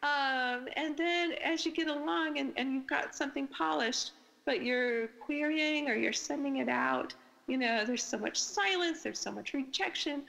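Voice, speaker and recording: A woman's voice: high voice, normal speed, gravelly, a bit bright, low-quality recording. A woman author, a guest on a podcast interview, chatting casually and enthusiastically, with lots of fillers and restarts. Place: podcast recording.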